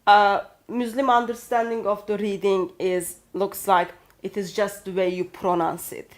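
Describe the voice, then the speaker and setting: A woman with a Turkish accent who speaks English as a second language, talking carefully with frequent pauses and self-corrections. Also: mid-range voice, level tone. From Turkey. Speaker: co-host. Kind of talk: apologetics discussion.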